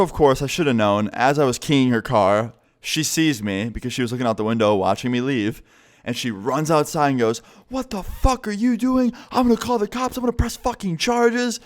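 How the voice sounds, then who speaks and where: A young man casually telling a story to his vlog audience, swearing freely and acting out what others said. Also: mid-range voice. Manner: casual, profane, animated retelling. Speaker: vlogger.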